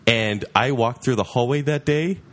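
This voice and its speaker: A man's voice: mid-range voice, normal speed, fairly bright tone. A man co-hosting a casual chat, telling a self-deprecating story. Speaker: podcast co-host.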